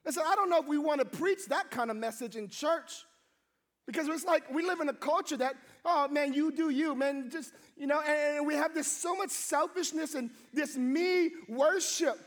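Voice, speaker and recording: A young man preaching a sermon, telling a funny story and acting out the people in it, shouting now and then for emphasis. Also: extremely high pitch, moderate pace. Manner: animated, acts out quotes, shouts for emphasis. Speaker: pastor.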